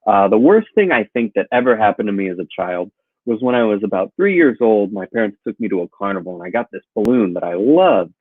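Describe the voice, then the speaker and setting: A man delivers a stand-up routine in a deadpan way, letting dry punchlines land flat. His pitch still swings widely and his voice is husky. The sound is thin and tinny, like a phone line. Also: brisk, dry recording. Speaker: comedian guest. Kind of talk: stand-up routine over a call.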